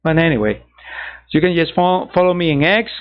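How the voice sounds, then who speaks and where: Rambling along to his viewers on a digital art channel, this host fixes his own slips and laughs at his side comments. His fairly quick voice sits on the high side, captured in dull lo-fi audio.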